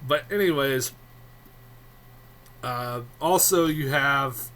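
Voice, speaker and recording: Man, casual film review, bright forceful voice, profane, rambling, faint background noise. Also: medium pitch, slow. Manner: profane, rambling, laughs often.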